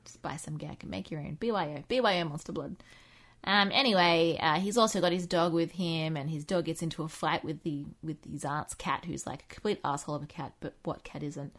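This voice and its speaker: A woman's voice: low-pitched, brisk, fairly bright tone. Rambling, sarcastic woman. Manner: rambling, sarcastic, full of fillers and asides. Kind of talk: casual chat, recapping books.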